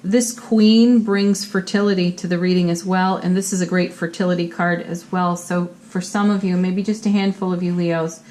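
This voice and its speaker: A woman's voice: fairly low pitch, steady tone, moderate pace, few pauses, darkish tone. A woman giving a monthly tarot reading to her viewers in an upbeat, encouraging way, full of spiritual phrasing. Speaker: tarot reader.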